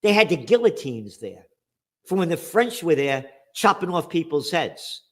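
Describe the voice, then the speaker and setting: Guy hosting a political talk show, highish voice, sarcastic, fired up. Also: moderate pace. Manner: sarcastic, animated, reads aloud and mocks the text. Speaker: show host.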